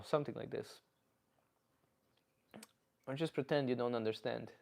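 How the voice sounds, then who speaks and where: A man's voice: mid-range voice, normal speed, gravelly, a little mellow. A man from Canada, chatting casually and profanely on a live stream and reading viewers' messages aloud. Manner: rambling, profane, reads chat aloud. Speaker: comedian streamer.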